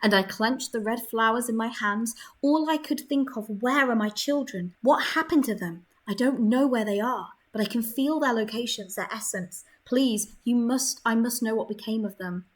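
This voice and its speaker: A woman reading aloud the slow, mournful lament of a female ghost in a life-sim game. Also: on the high side, natural voice.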